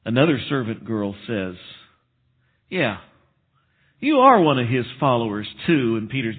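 Guy preaching, animated storyteller, thin phone-like audio. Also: medium pitch, normal speed, breathy edge. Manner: animated storytelling with asides and chuckles. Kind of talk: sermon. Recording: tinny phone-like sound.

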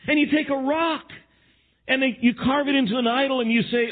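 A pastor preaches in a lively sermon voice, slipping into other voices to act out what people say. His voice sits high and a little husky. The audio is thin and tinny, like it came over a phone line. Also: fairly quick.

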